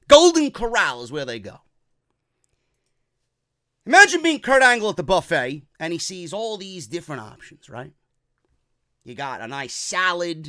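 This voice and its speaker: A man's voice: fairly high pitch, bright, forceful tone, clear, resonant tone, dry recording, studio quality. A man hosting a wrestling podcast, ranting in a profane, rambling, comedic way. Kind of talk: comedic rant.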